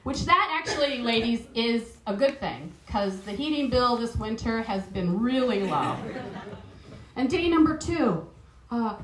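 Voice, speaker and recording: Middle-aged woman, New Zealand accent, stand-up comic, fairly high voice, echoey live room. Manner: chatty, self-mocking, laughs at own jokes. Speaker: stand-up comedian. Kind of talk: stand-up comedy set. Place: stage at a live improv show. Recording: roomy live venue sound.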